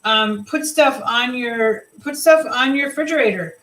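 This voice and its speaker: A middle-aged woman with a slightly high voice leads her sales team through a relaxed live chat. She rambles a bit, restarting sentences and dropping in fillers as she encourages everyone. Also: measured pace, poor audio. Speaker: team leader.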